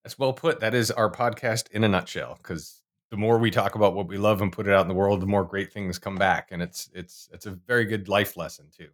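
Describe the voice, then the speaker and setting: Low-voiced chatty male podcast host. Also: fairly even intonation, a little fast. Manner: chatty, rambling, laughs at his own jokes. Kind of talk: casual interview chat.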